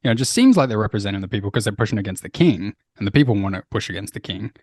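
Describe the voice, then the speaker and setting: A man's voice: on the low side, animated, racing, darkish tone, dry recording, studio quality. A man co-hosting a podcast, chatting casually, with lots of "uh" fillers and easy laughter. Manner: laughs easily, asks questions, uses many fillers. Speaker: podcast co-host. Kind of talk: casual chat.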